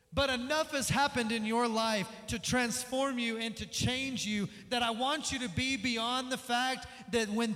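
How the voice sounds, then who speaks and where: A man preaching a sermon as pastor, energetic, acting out the voices in the story he tells. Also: very high-pitched. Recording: long reverb of a large hall.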